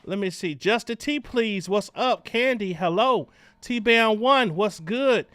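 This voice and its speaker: A man hosting a casual livestream chat, loud and animated as he greets viewers. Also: high-pitched, takes it slowly, clean tone, no echo. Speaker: livestream host.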